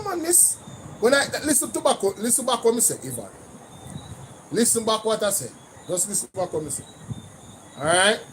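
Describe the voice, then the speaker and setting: Animated Jamaican man, fairly high voice. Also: a little hiss or hum, low-quality recording. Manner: animated, repeats "you know" often, mixes patois and English. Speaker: livestream host. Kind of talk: casual livestream chat.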